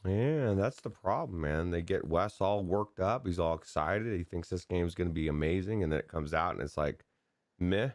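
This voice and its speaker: A man with a very low voice co-hosts a gaming podcast, rambling loosely and excitably, often restarting his sentences. He is recorded dry and close to the mic. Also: normal speed, hardly any pauses, dry recording. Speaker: podcast co-host. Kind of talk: casual chat about gaming news.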